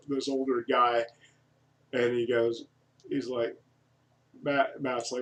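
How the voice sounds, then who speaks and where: A man's voice: medium pitch, little pitch movement, slow pace, long pauses, fairly bright tone. A man vlogging in a casual, digressive monologue, folksy and full of fillers. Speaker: vlogger reviewing an online business offer. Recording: voice from a distance from the mic.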